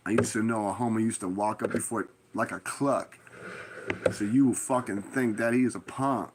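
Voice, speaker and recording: A man's voice: lowish voice, steady tone, moderate pace, noisy background. A man in a casual rambling monologue, giving blunt street advice in heavy slang and constant profanity, with stern warnings.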